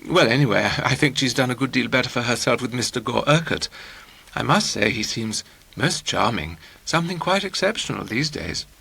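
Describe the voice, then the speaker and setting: A man's voice: medium pitch, expressive, brisk, gravelly, bright, forceful tone, slightly rough, exaggerated voice. A man voicing a fussy, clinging young woman who talks in an affected, gushing way.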